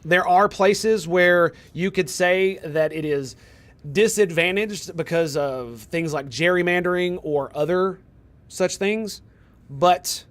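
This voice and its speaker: Young man, game streamer, somewhat high-pitched, heated, swearing, argumentative, rhetorical questions. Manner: heated, profane ranting at chat. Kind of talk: casual live-stream chat.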